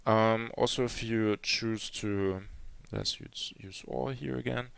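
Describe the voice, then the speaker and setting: A man's voice: on the low side, fairly even intonation, slow pace, vocal fry, clean tone, no echo. A man giving a live coding demo at a conference, talking hesitantly with many fillers and restarts. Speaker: conference speaker. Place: conference hall.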